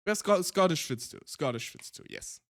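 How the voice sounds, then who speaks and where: A man with a German accent chats casually on a stream, rambling and restarting often. His voice sits fairly high, and the sound is dry and close with no room echo. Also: lively intonation, normal speed.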